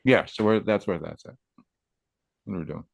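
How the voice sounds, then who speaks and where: A man's voice: deep voice, normal speed, gravelly, dry recording. Brief: man in a loose podcast chat, crude humor, dry sound. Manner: crude joking, laughs often. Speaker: magazine creator.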